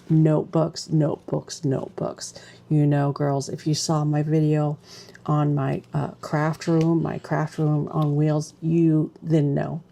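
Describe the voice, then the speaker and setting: A woman with a low, gravelly voice chats casually as she unboxes stationery, full of excited exclamations. Her tone is dark and mellow, with a faint hiss of noise under it. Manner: gushing, exclamatory, chatty with fillers. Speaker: stationery vlogger.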